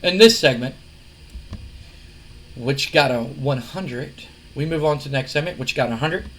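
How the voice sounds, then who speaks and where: A man's voice: medium pitch, a little slow, fairly bright tone. A man casually narrating a wrestling simulation game, rambling and restarting. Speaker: gamer narrating a wrestling sim.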